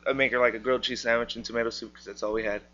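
Bright-voiced young man telling a testimony. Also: medium pitch, flat delivery, racing. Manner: casual storytelling, acts out quotes. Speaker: church member sharing a testimony. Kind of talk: personal testimony. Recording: dull lo-fi recording.

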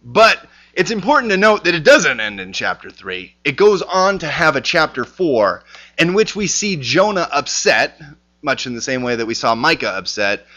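Bright-voiced man teaching Bible lesson. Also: mid-range voice, highs cut off. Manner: conversational, lots of fillers and restarts.

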